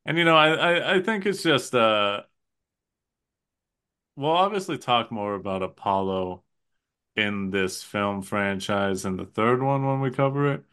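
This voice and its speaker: Bright-voiced man recapping a film. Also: mid-range voice, a little slow, smooth. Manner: enthusiastic, recaps scenes play-by-play. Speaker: podcast co-host. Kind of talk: casual movie chat.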